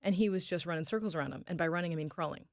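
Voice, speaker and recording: Chatty woman, low voice, dry sound. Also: no room sound. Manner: chatty, quick laughs. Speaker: radio show co-host. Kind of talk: casual studio chat.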